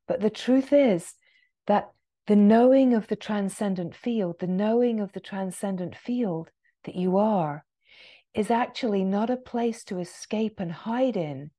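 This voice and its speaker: A woman spiritual teacher giving a gentle satsang talk, acting out inner voices in quotes. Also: medium pitch, measured pace.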